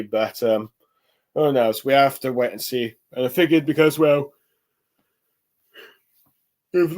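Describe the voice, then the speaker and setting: A man with an ordinary midrange voice talks through his thoughts on a comic chapter. He rambles casually, hunting for words with frequent ums and restarts. It sounds unscripted and conversational. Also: mid-range voice. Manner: rambling, halting, many fillers and restarts. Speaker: manga reviewer.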